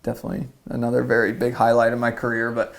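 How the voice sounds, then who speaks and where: Gravelly young man telling a story. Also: medium pitch, completely flat delivery, rapid-fire. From South Carolina. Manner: rambling, lots of "like", acts out quotes. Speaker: professional surfer, guest. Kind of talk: casual storytelling.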